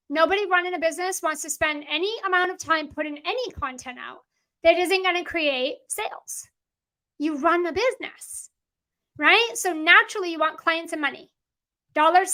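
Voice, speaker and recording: A woman's voice: high voice, pushed and bright. A woman business coach teaching a masterclass in an emphatic, repetitive way, often acting out what clients say to her.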